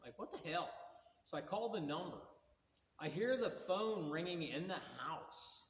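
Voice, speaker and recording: A man in his sixties tells car stories in a casual, rambling, folksy way, with a voice pitched a little higher than most men's. The recording is roomy, and a long reverb trails behind his words. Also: expressive, a little slow, slight background noise. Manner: rambling, folksy, plain-spoken. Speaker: car vlogger. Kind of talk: casual storytelling.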